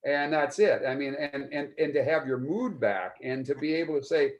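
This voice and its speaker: A man's voice: fairly high pitch, moderate pace. A man in his seventies giving a client testimonial in a casual interview, earnest and rambling, often restarting his sentences. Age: 70s. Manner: earnest, rambling, with many repeated starts.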